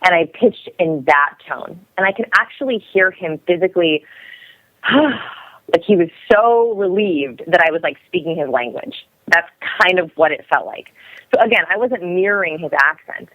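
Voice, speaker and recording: A young woman who talks quickly and energetically, explaining as a guest expert in a podcast interview. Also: on the low side, no room sound. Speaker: guest expert on body language. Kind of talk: podcast interview over the phone. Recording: dry, tinny phone line.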